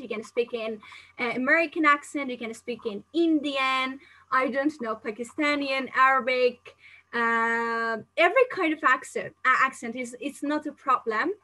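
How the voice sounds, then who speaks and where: Bright-voiced young female teacher. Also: sits high, rough recording. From not Turkey, living there. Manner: chatty, explains with many examples and fillers. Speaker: English teacher answering live questions. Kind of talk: live Q&A lesson.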